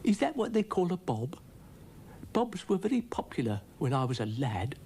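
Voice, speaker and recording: A man voicing a kindly, doddery old man with a gentle, wavering manner. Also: high-pitched, very animated, normal speed, a little hiss or hum, pitched above the performer's own voice. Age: older.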